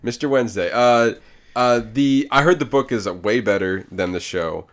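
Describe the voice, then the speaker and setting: A man co-hosting a casual movie podcast, retelling shows in an animated way. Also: mid-range voice, moderate pace. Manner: animated, acts out scenes while retelling. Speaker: podcast co-host. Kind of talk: casual chat.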